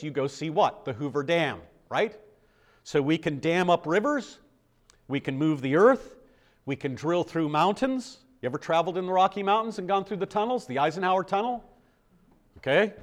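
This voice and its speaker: Older American pastor preaching, fairly high voice. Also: male voice. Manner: conversational preaching with rhetorical questions. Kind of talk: sermon.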